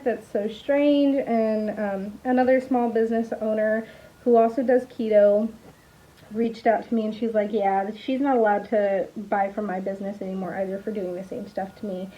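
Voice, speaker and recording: A woman's voice: a little high, dull audio. Exasperated young woman telling a storytime. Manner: chatty, exasperated, with sighs and laughs. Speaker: small business owner. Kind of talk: casual storytime vlog.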